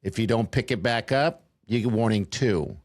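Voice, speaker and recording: A man with a fairly low voice chats casually on a podcast. He rambles with fillers and laughs often. The sound is dry and close. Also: normal speed, no room sound. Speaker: podcast co-host. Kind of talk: casual chat.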